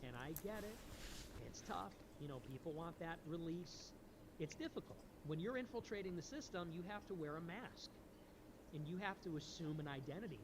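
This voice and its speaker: A man lectures emphatically with a somewhat high voice, jumping up and down in pitch as he drives each point home. A clear hiss of noise runs under the recording. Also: expressive, moderate pace. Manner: emphatic, preachy, repeats "okay?" often. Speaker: political streamer in a played clip. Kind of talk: animated monologue. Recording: noisy clip recording.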